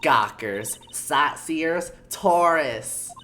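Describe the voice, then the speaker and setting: A woman's voice: low voice, animated, drawn-out words, sharp tone, a little hiss or hum, exaggerated voice. A woman voicing a cranky, nagging old woman guarding a film studio in a video game. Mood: scolding. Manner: scolding, rambling, nagging. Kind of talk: game dialogue read aloud.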